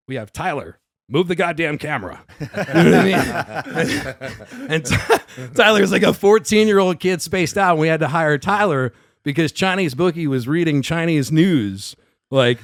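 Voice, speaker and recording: Animated New comedian, dry sound. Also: male voice, a little high, normal speed, no echo. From Staten Island, New York. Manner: animated storyteller who acts out quotes and swears freely. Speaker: guest comedian. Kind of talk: casual podcast chat.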